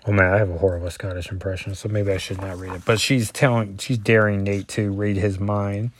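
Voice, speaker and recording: A man's voice: lowish voice, flat delivery, fairly quick. A man, a father, reviewing a comic book in a casual, rambling solo talk, full of fillers and self-corrections as he reads through the issue.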